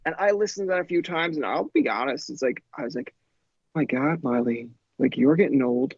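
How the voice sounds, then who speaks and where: A man in his thirties talking casually on a podcast. He tells stories in an animated way, acts out what people said, and fills his speech with "like.". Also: medium pitch, brisk, breathy edge, no echo, highs cut off. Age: 30s. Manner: animated storyteller, acts out quotes, says "like" a lot.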